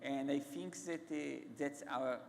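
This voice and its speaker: A man with an Israeli accent, a guest author telling stories on stage in a halting, self-interrupting way. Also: medium pitch, darkish tone, slight background noise. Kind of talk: onstage conversation, anecdotal storytelling. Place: large event hall. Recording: echoey hall.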